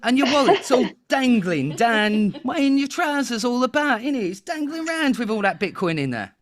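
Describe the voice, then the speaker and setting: A man putting on a deliberately bad Cockney accent to voice a brash pitchman in a comic mock advert, with a hammy sales spiel. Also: sing-song. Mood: brash hamming. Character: brash male Cockney pitchman hawking a product.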